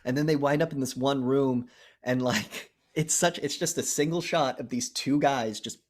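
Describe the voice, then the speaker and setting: Podcast co-host, man, mid-range voice, loose and profane, animated plot recap. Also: medium pitch, normal speed. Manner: animated storytelling, heavy swearing, acts out quotes. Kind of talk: casual movie recap.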